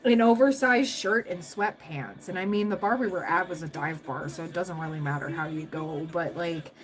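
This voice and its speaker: A woman's voice: fairly low pitch, moderate pace, rough recording. Chatty young woman livestreaming. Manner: chatty, laughs often, rambling storytelling. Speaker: tarot livestream host. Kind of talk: casual livestream chat with viewers.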